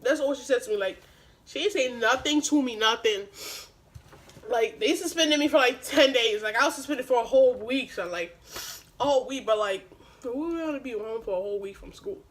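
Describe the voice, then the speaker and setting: A young woman vlogger retelling a story in casual, animated, profane slang. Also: fairly high pitch, brisk, rough recording.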